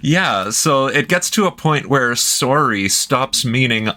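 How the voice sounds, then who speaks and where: Canadian dude riffing over a video, jokey rants, acts out little quotes, swingy bright voice. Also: male voice, medium pitch, expressive, slow, hardly any pauses. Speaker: reaction video co-host. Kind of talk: casual reaction commentary.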